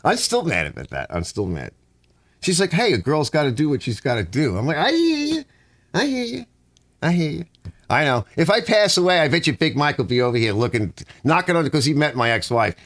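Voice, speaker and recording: A man's voice: mid-range voice, a bit bright, no echo. A middle-aged man hosting a casual livestream from his garage, reading viewer comments aloud and chatting. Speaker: livestream host reading chat. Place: home garage.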